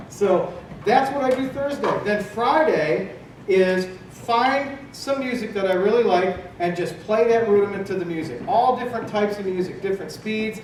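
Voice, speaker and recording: A man's voice: high-pitched, normal speed. A fifties man teaching drums in an echoing hall. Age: 50s. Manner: animated, asks the audience questions and answers them himself. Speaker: drum clinician. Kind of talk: live drum clinic talk. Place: large hall at a convention. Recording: very echoey hall, from a distance, with background noise.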